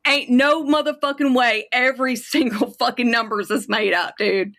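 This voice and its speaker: A woman's voice: fairly high pitch, fairly even intonation, normal speed, a bit bright. A woman angrily venting in casual chat, profane and worked up. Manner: angry, profane ranting. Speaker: kratom advocate on a livestream.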